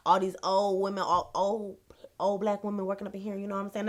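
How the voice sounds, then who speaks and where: Animated woman telling a storytime. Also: mid-range voice, moderate pace, pauses often. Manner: animated, repetitive, slangy storytelling. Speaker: vlogger. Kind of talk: casual storytime.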